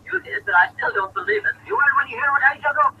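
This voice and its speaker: An actor playing an excitable, brash newspaperman in 1940s radio acting. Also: very high voice, racing, gravelly, full character voice. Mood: excited. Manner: brash, talky, exclamatory. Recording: muffled old radio broadcast with hiss.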